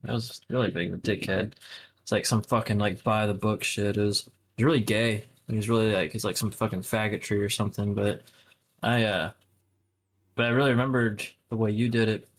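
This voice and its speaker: Low, flat-voiced rambling young man. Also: fairly quick. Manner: rambling, full of fillers and profanity. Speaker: podcast co-host. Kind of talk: casual chat.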